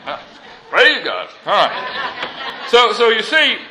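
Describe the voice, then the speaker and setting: A man preaching a sermon as pastor, reading scripture aloud and speaking in an animated way, with light jokes for his congregation. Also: very high voice, slow, a crowd in the background, rough recording.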